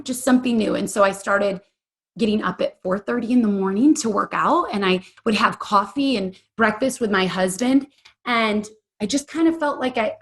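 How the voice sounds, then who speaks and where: A woman's voice: a little high, fairly bright tone. A woman in her forties, an interview guest telling a candid personal story in an earnest, emotional, chatty way with many fillers. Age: 40s.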